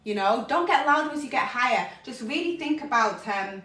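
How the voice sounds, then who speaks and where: A woman vocal coach talking casually through her warm-up routine, relaxed and chatty, breaking into sung practice sounds. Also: on the high side, fairly quick. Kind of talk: casual vocal warm-up lesson on a live stream. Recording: echoey room, voice a little off-mic.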